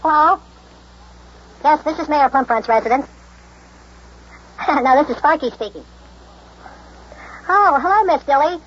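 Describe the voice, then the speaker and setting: A high-voiced young boy sidekick in an old children's radio show. He is eager and curious and teases gently. The recording is dull, with a faint hiss. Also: measured pace, long pauses. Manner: eager, exclaiming, gently teasing.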